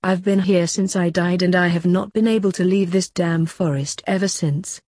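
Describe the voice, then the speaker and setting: Lady doing a grumpy ghost highwayman guy, mellow and dry, storybook style. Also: fairly even intonation, normal speed, no echo, close to an everyday voice. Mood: exasperated. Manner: huffy, put-upon. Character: ghostly 18th-century male highwayman, frustrated and weary.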